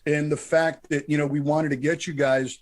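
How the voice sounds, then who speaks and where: A man's voice: on the high side, flat delivery, normal speed. A man hosting an interview podcast, telling stories eagerly and often repeating words as he starts. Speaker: podcast host. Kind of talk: casual interview chat.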